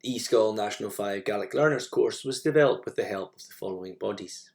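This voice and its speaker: A man narrating a recorded language lesson, modelling each phrase slowly and repeating it twice. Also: lowish voice, gravelly. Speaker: language teacher.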